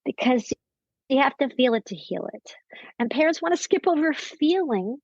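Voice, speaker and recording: A woman psychiatrist and parenting expert, a guest in a podcast interview, talking in a lively storytelling way. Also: sits high, moderate pace, dry recording. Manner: warm-hearted storytelling, lively, quotes people in acted voices. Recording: dry, slightly dull recording.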